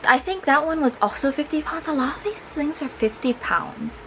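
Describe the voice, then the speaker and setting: A woman's voice: sits high, expressive, moderate pace, fairly bright tone, a little hiss or hum, poor audio. A woman vlogger telling a personal story in a casual, chatty way, with many fillers.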